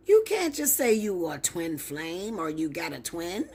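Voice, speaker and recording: A woman's voice: medium pitch, very animated, normal speed, few pauses, husky. Blunt, profane woman tarot reader. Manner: blunt, profane, emphatic, preachy. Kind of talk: ranting direct-to-camera monologue.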